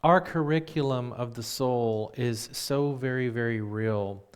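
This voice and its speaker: A man who is a minister, telling a personal story in a sermon and acting out the dialogue with lively voices. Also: medium pitch, measured pace, clean tone. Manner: turns quiet and reflective when preaching.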